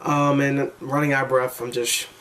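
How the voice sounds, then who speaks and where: A man's voice: medium pitch, level tone, normal speed, distant mic, a crowd in the background. A tired man rambling casually and self-mockingly through his own predictions, with loose, chatty talk. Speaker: gaming video maker.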